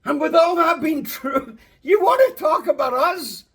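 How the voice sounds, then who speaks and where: Preacher, male, very high voice, slow impassioned delivery that swells to shouting. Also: animated. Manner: slow, drawn-out emphasis. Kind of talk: sermon.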